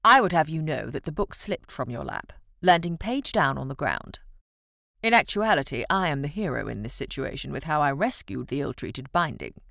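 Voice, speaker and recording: A teasing young gentleman with a mischievous, dry wit, as a woman narrator puts him on. His voice sits noticeably lower than the reader's own, with a lively rise and fall. The recording is close and dry. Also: normal speed, gravelly, dry recording, exaggerated voice. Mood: playful.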